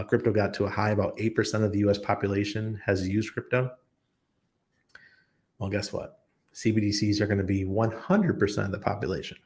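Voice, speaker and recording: Gravelly low-voiced man, blunt and emphatic. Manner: animated storytelling, blunt and emphatic. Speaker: crypto channel host. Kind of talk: opinionated livestream talk answering viewer questions.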